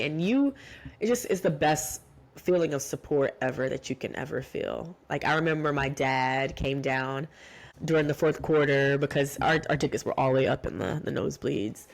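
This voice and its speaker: Low-voiced woman hosting a chatty podcast. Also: moderate pace, vocal fry. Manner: chatty and heartfelt, many "like"s and restarts. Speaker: podcast host. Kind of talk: casual solo podcast recap.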